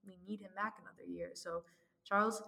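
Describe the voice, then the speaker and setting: A woman's voice: medium pitch, fairly even intonation, fairly quick, vocal fry, bright, forceful tone. Enthusiastic young woman, distant and echoey. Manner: enthusiastic, laughing. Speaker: podcast co-host. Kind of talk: casual chat. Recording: distant mic in echoey room.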